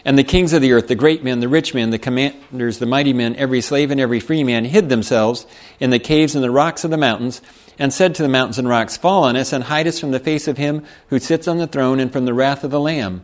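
A man's voice: medium pitch, quick pace. Man preaching with folksy asides. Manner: reads scripture then explains with folksy asides and chuckles. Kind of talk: sermon.

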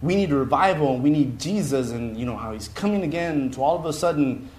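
A man casually telling a story to listeners, animated and chuckling as he goes. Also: mid-range voice, a little fast. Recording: roomy echo.

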